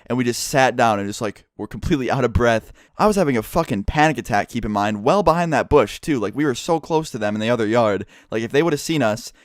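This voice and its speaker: A young man in a casual storytime vlog, telling a personal story in a fast, profane, animated way. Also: mid-range voice, no room sound, studio quality. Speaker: vlogger.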